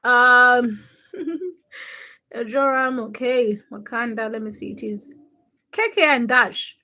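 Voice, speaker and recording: A young woman hosts a casual livestream, teasing her chat, laughing, and reading viewers' names aloud. Her voice is on the high side, pushed and bright, and she speaks slowly.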